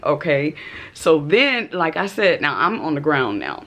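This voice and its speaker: A woman's voice: low-pitched, a little slow. A woman in her forties vlogging from home, telling a story with laughs and shrieks. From Texas. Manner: animated, laughing, reenacts with shrieks. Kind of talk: casual storytelling vlog. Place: at home in an apartment.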